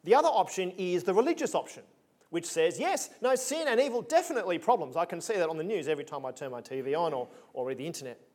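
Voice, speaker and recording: A man's voice: on the high side, animated, quick pace, a little mellow. A man preaching a sermon in a conversational, emphatic way with punchy asides.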